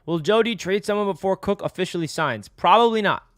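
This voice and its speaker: A young man from the United States hosting a casual live stream, chatty and rambling, answering viewers and now and then breaking into excited yells. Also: high voice, brisk, dry recording, clean studio sound. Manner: excitable, rambling, bursts into yelling.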